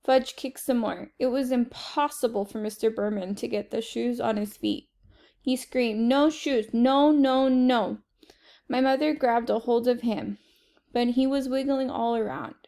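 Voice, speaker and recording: A woman reading a children's chapter book aloud in steady first-person narration. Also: a little high, normal speed. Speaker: reader.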